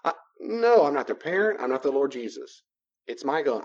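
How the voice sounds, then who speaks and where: A man's voice: medium pitch, very animated, moderate pace, a little mellow, muffled recording. A man giving a conversational teaching talk on boundaries, animatedly acting out both sides of everyday dialogues. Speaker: Christian counselor teaching on boundaries.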